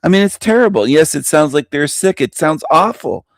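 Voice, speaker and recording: A man's voice: a little high, lively intonation, moderate pace, no echo, clean studio sound. A man hosting a radio show, delivering an opinionated monologue with emphatic repetition and frequent chuckles. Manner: emphatic, repeats himself, chuckles between lines.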